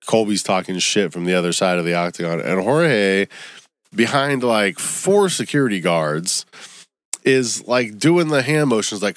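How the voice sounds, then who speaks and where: Profane ranting young guy, low voice. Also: measured pace, dry recording, studio quality. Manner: profane, animated ranting, gets loud and high when worked up. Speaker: comedian podcast host. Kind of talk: casual solo rant.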